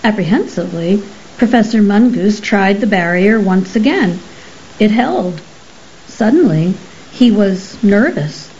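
A woman narrating an audiobook in a measured, even storytelling manner. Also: medium pitch, highs cut off, slight background noise.

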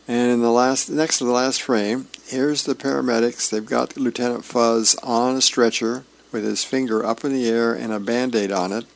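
A man reading newspaper comic strips aloud on a radio show, describing each panel with frequent pauses. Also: medium pitch, vocal fry. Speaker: radio reader of newspaper features.

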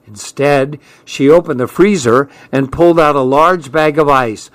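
A man reading a first-person story aloud as an audiobook narrator, with steady storytelling delivery. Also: a little high, a little slow, few pauses, no echo. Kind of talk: scripted narration.

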